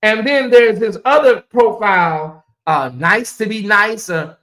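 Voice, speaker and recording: Speaking a little slowly in a mid-range, slightly bright voice, a woman runs a relaxed livestream. Her talk is loose and repetitive, reusing phrases as she speaks directly to the people in her chat.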